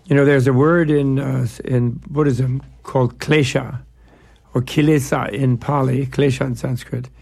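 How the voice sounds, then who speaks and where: A man's voice: medium pitch, little pitch movement, unhurried, creaky, a little mellow. A man as an interview guest, explaining ideas in a discursive, digressive way with playful analogies. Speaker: guest, Buddhist scholar.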